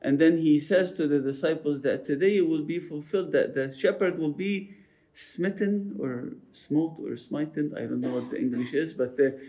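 A male priest preaching a sermon, telling saints' stories in an animated way and often repeating words as he goes. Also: on the high side.

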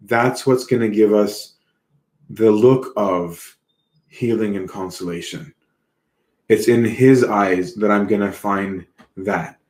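A man's voice: lowish voice, a little mellow, echoey room. A man giving an earnest, reflective sermon, repeating words as he goes. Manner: earnest, reflective, slow with repetitions. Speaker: preacher.

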